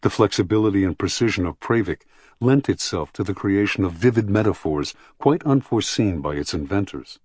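A man narrating a novel in a measured, expressive way. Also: low voice, husky, dry recording, clean studio sound. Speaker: audiobook narrator. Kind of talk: scripted narration.

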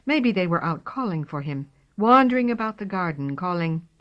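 A woman reading a storybook aloud in a slow, expressive way. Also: lowish voice. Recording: dull lo-fi recording.

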